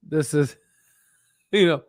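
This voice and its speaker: A man's voice: on the high side, no echo. A tired man hosting a casual livestream about stocks, rambling with lots of restarts. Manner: rambling, many restarts and fillers. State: tired, yawning. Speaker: stock channel host.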